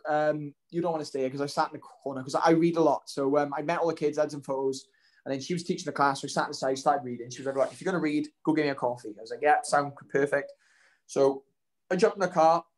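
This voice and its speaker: A man, telling a story casually as an interview guest, rambling with many ums and restarts. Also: on the high side. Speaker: guest, professional fighter.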